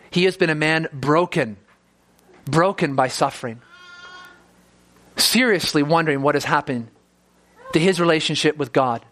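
A man's voice: moderate pace, pauses often, fairly bright tone. A man preaching a sermon, earnest, often repeating words as he starts a sentence and acting out the voices he quotes. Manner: acts out quoted voices with rising pitch.

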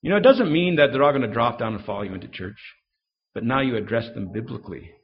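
A man giving a fast, story-driven live talk on defending the faith, acting out the voices in his anecdotes. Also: medium pitch, expressive, highs cut off. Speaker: Christian speaker.

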